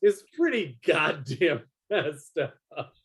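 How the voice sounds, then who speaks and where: A man co-hosting a podcast in casual chat, excitable and swearing freely. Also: fairly high pitch, takes it slowly, creaky, slightly rough. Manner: excitable, swears a lot, laughs. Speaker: podcast co-host.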